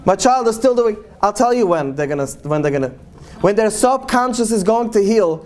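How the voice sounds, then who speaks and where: A man, a rabbi, telling stories to an audience in English, animated and acting out the people he quotes. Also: high voice. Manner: animated storyteller, acts out quoted voices, Yiddish-laced English. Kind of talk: storytelling talk to an audience.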